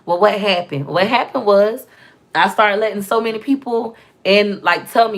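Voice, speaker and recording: A woman's voice: medium pitch, brisk, a bit bright. Emphatic woman telling her own story. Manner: emphatic, repeats phrases, acts out quotes of others. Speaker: vlogger. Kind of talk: candid storytelling vlog.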